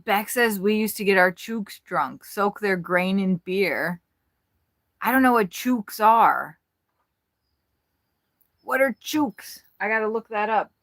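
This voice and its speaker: A woman's voice: mid-range voice, slow pace, long pauses, no room sound. A woman chatting casually on a livestream, joking around and laughing often. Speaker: livestream host.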